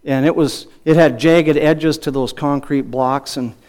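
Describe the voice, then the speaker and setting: An older male pastor with a fairly high voice delivers a sermon like a friendly chat. He moves from reading scripture to homespun stories, repeating words and restarting sentences as he goes. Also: a little slow. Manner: storytelling, animated when acting out his father's yelling; folksy, conversational, repeats words.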